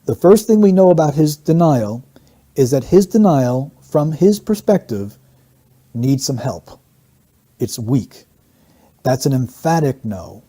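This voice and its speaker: Methodical man with a very mellow voice. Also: medium pitch, sing-song, slow pace, long pauses. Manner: methodical, repeats key phrases for emphasis. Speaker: statement analysis instructor. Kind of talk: explanatory analysis of interview clips.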